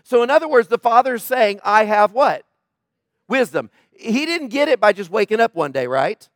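Man, pastor, sermon, high-pitched, dry close sound, emphatic, asks the crowd questions. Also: very animated, normal speed, dry recording. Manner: swings from loud emphasis to low quiet tones.

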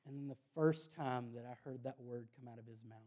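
A man's voice: medium pitch, fairly quick, dark tone. A man, preaching a sermon in an earnest, conversational way with self-deprecating asides. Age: 30s. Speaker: pastor.

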